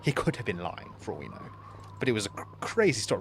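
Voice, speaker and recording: A young man chats casually while streaming a game, rambling through a story full of fillers and restarts and sometimes dropping into quiet, mumbled asides. His voice is fairly low and very animated at a quick pace, with a little hiss or hum in the audio.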